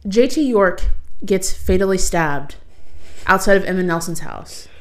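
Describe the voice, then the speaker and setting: A woman's voice: on the low side, animated, unhurried. A young adult woman co-hosting a podcast, ranting in casual chat, swearing a lot and laughing often. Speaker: podcast co-host.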